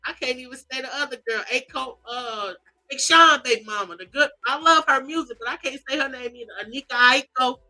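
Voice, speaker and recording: On a low-quality recording, a gossip commentary host speaks in a high, brisk voice while reading celebrity posts. She responds with animated sass, mock sobs and lazy, drawling asides.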